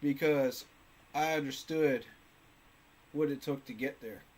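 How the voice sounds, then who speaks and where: Male fan host, mid-pitched voice, fired-up and emphatic, repeats lines for punch. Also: a little slow, darkish tone. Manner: passionate, emphatic, repeats phrases for effect. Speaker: sports fan channel host. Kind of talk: casual fan commentary to camera.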